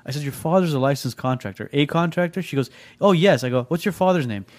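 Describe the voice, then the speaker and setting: A man in casual banter with friends, telling an animated story and mimicking the people in it. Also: on the high side, fast.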